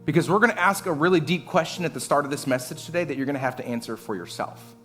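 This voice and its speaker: A man's voice: a little high, quick pace, pushed and bright, faint music behind. A man preaching a sermon as pastor, telling a story with self-mocking humor and frequent chuckles. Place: church service.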